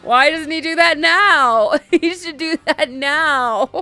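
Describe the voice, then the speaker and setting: A woman streamer giving casual, animated game commentary, swearing and laughing freely. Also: sits high, takes it slowly, faint music behind.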